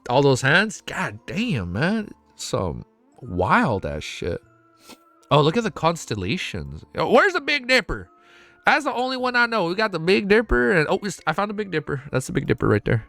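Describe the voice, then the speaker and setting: A man reacting live on stream, excitable and emotional, cursing often as he talks to chat. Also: on the high side, normal speed, gravelly, faint music behind. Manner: excitable, swears a lot, emotional. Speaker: streamer reacting to web novel fan art.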